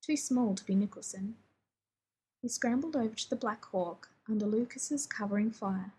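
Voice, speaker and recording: A woman reading a story aloud in a wry, even way. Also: a little high, normal speed, slight background noise, poor audio. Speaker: reader.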